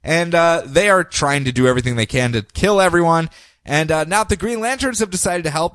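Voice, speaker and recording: A man's voice: fairly high pitch, no room sound. A man hosting a podcast who recaps comics casually, in a joking, facetious way. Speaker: podcast host.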